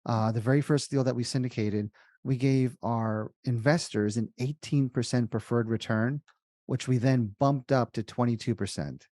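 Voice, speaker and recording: A man who invests in real estate, a guest on an interview podcast, telling stories in a lively way and acting out the dialogue. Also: mid-range voice, normal speed, no echo, studio quality. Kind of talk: casual interview talk.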